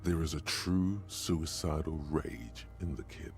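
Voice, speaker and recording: A man's voice: a bass voice, unhurried, soft background music. An actor voicing a grim, ominous male narrator in a video game. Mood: grave. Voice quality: gravelly, grave.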